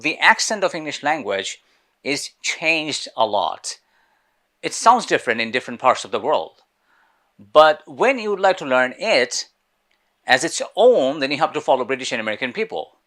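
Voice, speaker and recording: A man's voice: medium pitch, pushed and bright. A man giving a spoken English lesson in an earnest way, often repeating his phrases. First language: Bengali. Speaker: English teacher.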